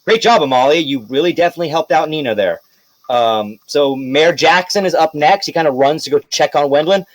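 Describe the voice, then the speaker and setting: Chatty game master, slightly high voice. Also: male voice, no echo, poor audio. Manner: relaxed, rambling narration with fillers and quick bursts. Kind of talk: narrating a tabletop game.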